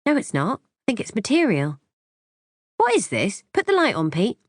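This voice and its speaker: A woman voicing a shrill woman in her thirties, explosive and accusing, in audiobook dialogue. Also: sing-song, fast, no room sound, clean studio sound. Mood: feigned alarm. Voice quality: shrill, high-pitched. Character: woman in her 30s, shrill, feigning shock and outrage.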